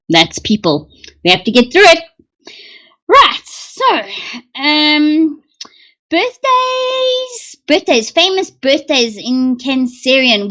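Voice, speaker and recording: A woman with a fairly high voice hosts a live stream and chats freely about the stars. She rambles along with plenty of fillers and talks straight to her viewers about their comments. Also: a bit bright. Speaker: livestream host. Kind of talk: casual livestream chat about astrology.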